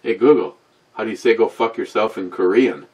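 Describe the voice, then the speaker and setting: Man, 60s, beer review host, low voice, rambling, profane, wisecracking. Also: fairly quick, a little mellow, husky. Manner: talks back to a voice assistant. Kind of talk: casual chat to camera.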